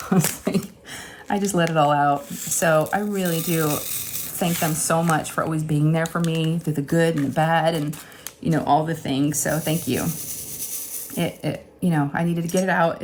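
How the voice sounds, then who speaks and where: A woman's voice: low voice, fairly even intonation, moderate pace, slight background noise. A woman in her forties, a craft channel host, telling a candid personal story in a rambling, emotional way from her home craft room.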